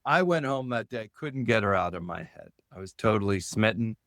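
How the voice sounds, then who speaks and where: Animated middle-aged man telling a story. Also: moderate pace, no echo, studio quality. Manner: animated storyteller, lifts his pitch sharply when quoting others. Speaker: podcast guest, physician. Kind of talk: storytelling in conversation.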